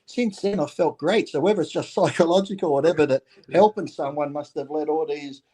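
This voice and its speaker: A man's voice: a little high, fairly quick, warm tone. A man in his fifties with an Australian accent, telling rambling stories on a casual talk show, swearing and laughing through them. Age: 50s. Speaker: bodybuilder guest on a talk show. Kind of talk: casual storytelling.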